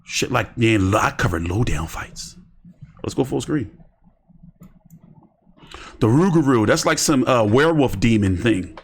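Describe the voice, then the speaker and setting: A man's voice: medium pitch, expressive, a little slow, pauses often, slight background noise. A man giving rambling, slangy commentary on boxing during a casual live stream. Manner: rambling, slangy, talks to himself while browsing.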